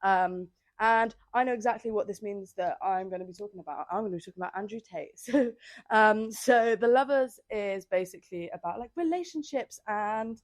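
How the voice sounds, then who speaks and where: A woman's voice: mid-range voice, normal speed, dry recording. A young woman hosting a casual solo podcast, chatting in a rambling, filler-heavy way with sassy asides, recorded outdoors on a handheld microphone. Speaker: podcast host. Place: outdoors on holiday by the sea.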